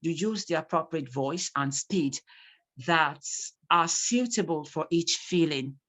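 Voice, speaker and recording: A public speaking teacher giving an online class over a video call, acting out examples with lively emphasis. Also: mid-range voice, a little slow. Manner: animated, acts out examples.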